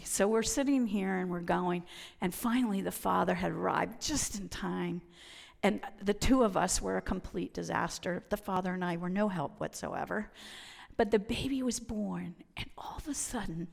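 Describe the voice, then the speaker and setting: A woman telling a humorous personal faith story, lively and self-mocking, acting out the voices of the people in it. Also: mid-range voice, a little slow, gravelly. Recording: long hall reverb.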